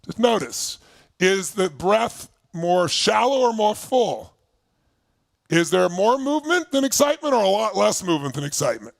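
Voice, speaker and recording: The recording is dry and studio-clean as a creaky-voiced motivational speaker runs an energetic coaching session for people on a video call, speaking from indoors. Emphatic, he leads exercises through rapid questions, moving back and forth between loud bursts and low, quiet moments.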